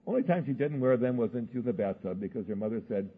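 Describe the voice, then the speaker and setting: A man preaching a sermon, telling homely stories in a folksy way and slowing down for searching questions. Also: medium pitch, husky. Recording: muffled phone-like sound.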